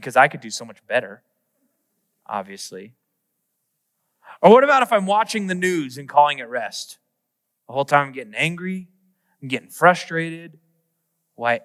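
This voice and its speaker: A male pastor preaching a humorous, animated sermon, acting out little everyday scenes. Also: on the high side, in a large hall.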